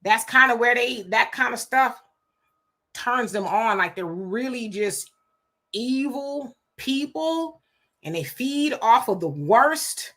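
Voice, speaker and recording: A middle-aged woman, hosting a live stream, reading viewer comments and telling stories in an animated, emphatic way; she is hot and sweating. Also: on the high side, slow. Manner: animated storyteller, emphatic and preachy when warning.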